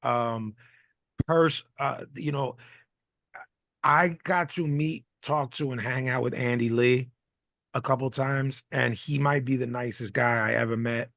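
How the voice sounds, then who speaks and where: A man's voice: medium pitch, fairly even intonation, measured pace, vocal fry, fairly bright tone, no room sound, clean studio sound. A man co-hosting a boxing podcast, talking loosely in casual chat with lots of restarts and fillers. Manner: rambling, many restarts and fillers. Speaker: podcast co-host.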